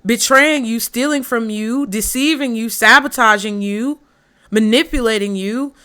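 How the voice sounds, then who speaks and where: A woman tarot reader with a bright, fairly high voice. She talks straight to camera in a blunt, profane and animated way. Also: measured pace, clean tone. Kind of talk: casual tarot reading to camera.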